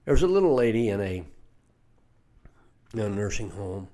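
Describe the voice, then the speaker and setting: A man's voice: lowish voice, very animated, normal speed, dark tone. An older man teaching from scripture in an earnest preaching manner, often repeating words as he starts a phrase. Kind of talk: radio Bible teaching.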